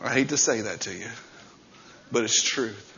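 A man preaching a sermon as pastor, swinging between shouted passages and quieter talk. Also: fairly low pitch, moderate pace, dull audio.

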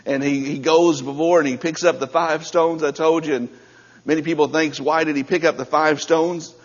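A man delivers a sermon in a slightly high voice, swelling from hushed prayer to fervent preaching. His words ring through a large church sanctuary with a long tail of reverb, and the recording sounds somewhat dull and muffled. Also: steady tone, moderate pace. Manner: builds from quiet prayer to fervent, rising preaching.

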